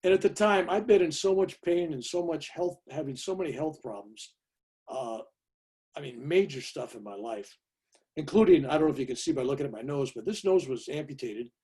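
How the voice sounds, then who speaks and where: An older man in his seventies with a husky, slightly high voice tells a story with emphatic energy. He talks over a video call from home and often checks in with a quick question. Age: 70s. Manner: emphatic, lively, tag questions. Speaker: guest speaker. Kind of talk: animated personal storytelling.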